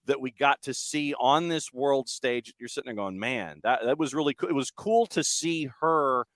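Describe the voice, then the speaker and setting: A man's voice: mid-range voice, moderate pace, a bit bright, no room sound. A middle-aged man hosting a sports talk show, asking long rambling questions with frequent restarts. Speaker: radio show host. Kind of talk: casual interview chat.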